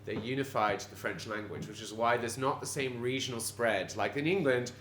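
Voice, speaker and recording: A man's voice: mid-range voice, normal speed, slight background noise. Quebecois-Canadian man chatting in a roomy pub. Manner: animated, digressive, many fillers and restarts. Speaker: pub landlord. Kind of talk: conversational interview. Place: bar of an old pub. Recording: roomy pub with background ambience.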